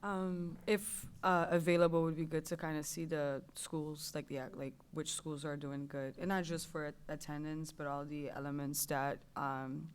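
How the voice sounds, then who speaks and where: A school committee member giving feedback at a public meeting, speaking haltingly with many fillers. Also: mid-range voice, level tone, slight background noise.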